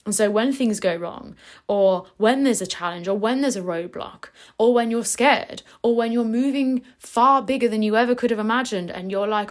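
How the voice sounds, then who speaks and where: A woman's voice: a little high, normal speed. A woman hosting a motivational podcast as a business coach, talking emphatically and energetically with casual swearing.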